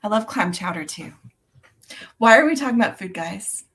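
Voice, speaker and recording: A woman's voice: medium pitch, animated, moderate pace, fairly bright tone. A woman co-hosting a crafting livestream, chatting casually, greeting viewers by name and laughing often between remarks. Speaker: co-host of a beading livestream. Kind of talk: casual chat, reading out viewer comments.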